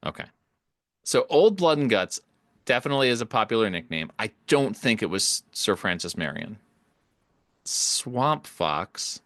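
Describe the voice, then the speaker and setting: Easygoing male co-host, lowish voice, thinks out loud, dry close recording. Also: sing-song, a little slow, dry recording. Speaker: podcast co-host. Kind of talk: casual chat.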